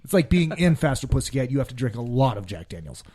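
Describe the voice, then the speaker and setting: A man hosting a loose, casual podcast, wandering through a long anecdote and swearing often. His voice sits in an ordinary middle pitch. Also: big pitch swings, fast talker, darkish tone. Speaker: podcast host.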